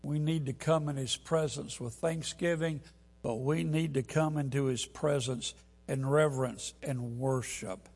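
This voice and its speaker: A man preaching a sermon, telling a story and building to loud, emphatic peaks. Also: mid-range voice, steady tone, unhurried.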